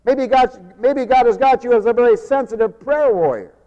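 A man preaching a sermon, turning emphatic on key phrases and dropping quieter for personal stories. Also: extremely high pitch, normal speed. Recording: dull lo-fi tape in a long-echo hall.

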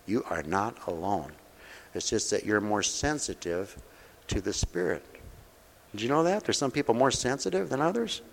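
A man preaching a sermon at a mission, folksy and direct, asking his listeners questions, his voice swinging between loud preaching and soft, close talk. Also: on the low side, lively intonation, moderate pace, gravelly, big-room sound, slight background noise. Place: mission hall.

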